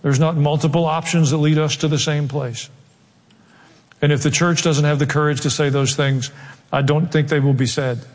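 Southern pastor preaching in a reverberant hall. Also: male voice, a little high, fairly even intonation, moderate pace. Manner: earnest, emphatic preaching with repeated exhortations. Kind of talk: sermon.

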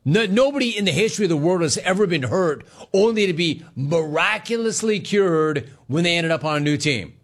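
Male sports talk host, middle-aged, slightly high pitch, sarcastic ribbing monologue style. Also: lively intonation, brisk, hardly any pauses. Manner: sarcastic, needling, laughing at callers.

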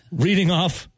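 A man, hosting a sports talk show and telling stories with lively acted-out quotes and frequent laughter. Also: high-pitched, husky, no echo. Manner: animated storyteller, acts out quotes, laughs often. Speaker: radio host. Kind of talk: casual sports talk banter.

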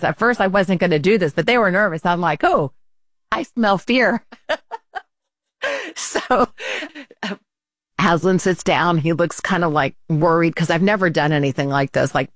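A woman tells a story in casual chat, lively and laughing as she acts out what people said. Her voice sits a little low. The sound is dry and close. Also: no echo.

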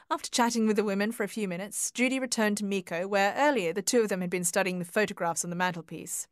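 A woman reading a novel aloud as audiobook narrator, measured and even. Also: mid-range voice, clean tone, no room sound, clean studio sound. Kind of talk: scripted narration.

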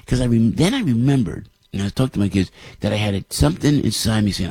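Rambling deep-voiced New radio man. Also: very animated, a little fast, vocal fry, darkish tone, breathy edge, no room sound. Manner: rambling, chatty, with many restarts. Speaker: morning radio host. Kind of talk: casual morning show storytelling.

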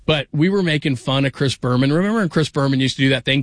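Male fill-in radio host, slightly high voice, dry studio sound, loose joking storyteller. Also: animated, quick pace, hardly any pauses, no echo. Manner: joking, rambling storyteller with frequent restarts. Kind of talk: casual sports radio chat.

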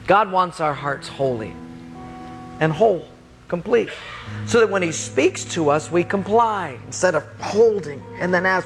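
A man preaching, telling a personal story in an animated way, laughing and jumping up in pitch. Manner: animated, laughing, pitch jumps high in the funny parts. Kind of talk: storytelling sermon.

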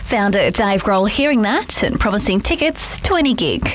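A woman narrating a radio feature as host, in a measured, solemn storytelling manner. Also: mid-range voice, lively intonation, soft background music.

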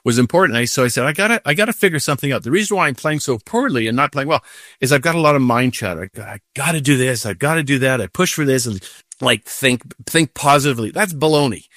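Older man telling animated stories. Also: medium pitch, quick pace, dry recording, clean studio sound. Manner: animated storytelling with acted-out inner voices. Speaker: guest, professional golfer. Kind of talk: casual storytelling.

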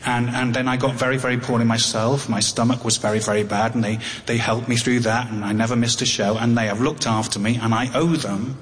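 A man's voice: medium pitch, fairly even intonation. Wry English man in a reverberant hall. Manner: halting, wry, with many restarts. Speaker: storyteller on tour. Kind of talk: live spoken storytelling. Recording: long hall reverb, faint noise.

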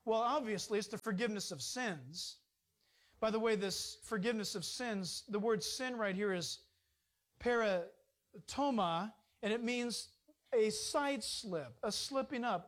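A middle-aged man preaching a sermon as pastor, animated and emphatic, with rising emphasis. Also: high voice, a little slow.

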